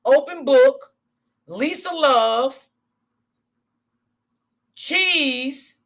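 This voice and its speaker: Bright-toned woman chatting live. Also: high-pitched, expressive, extremely slow. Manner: chatty and candid, heavy swearing, laughs often, addresses chat as y'all. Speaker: livestream commentary host. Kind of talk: casual livestream chat.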